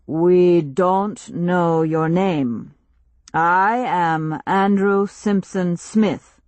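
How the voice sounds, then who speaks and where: Lady reading as a low, slow formal tribal guy, dry close sound, in an audiobook. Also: a little mellow, no echo. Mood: relieved, formal. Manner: slow, stiff, formal speech. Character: wary tribal young man, slow and formal.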